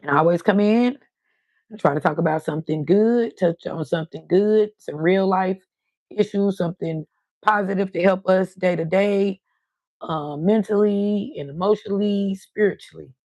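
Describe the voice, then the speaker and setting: A woman's voice: mid-range voice, normal speed, no echo, low-quality recording. A woman hosting her own live stream, chatting casually and playfully about real life and gossip. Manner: lively, playful, drawls words out. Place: at home, setting up in front of a ring light.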